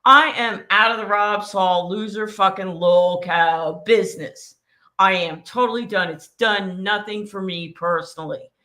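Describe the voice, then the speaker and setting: A woman's voice: mid-range voice, a little slow. A woman co-hosting a casual podcast, ranting bluntly and swearing freely. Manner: blunt, profane, animated ranting. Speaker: co-host.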